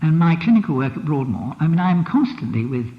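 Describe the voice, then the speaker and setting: A man lecturing in a reverberant hall, his voice a little higher than most men's. He talks reflectively and stresses key words, turning a phrase over to show its weight. The old archive recording sounds dull and muffled. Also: very animated, brisk. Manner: reflective, emphatic, repeats phrases with shifting stress. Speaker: psychotherapist lecturer.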